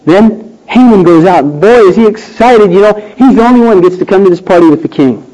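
A man preaching a sermon, emphatic and rhetorical, swinging between loud declarations and hushed questions. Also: high-pitched, animated, a little fast, lo-fi sound.

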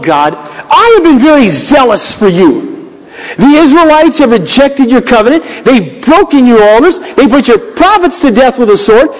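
A man preaching a sermon as pastor, reading scripture aloud with dramatic, animated delivery. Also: high voice, big-room sound, rough recording.

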